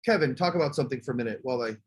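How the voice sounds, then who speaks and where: A man's voice: medium pitch, very fast, breathy edge. A man coaching speakers on a group call, telling stories in a casual way and acting out what people say. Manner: animated storytelling, acts out quotes.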